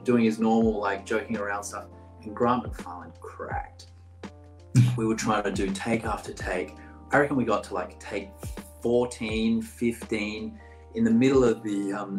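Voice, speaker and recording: Man in his thirties, laid-back rambling storyteller, roomy echo, faint music behind. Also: lowish voice. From Brazil. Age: 30s. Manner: relaxed, rambling, many "like" fillers. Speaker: actor guest. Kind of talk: casual storytelling interview.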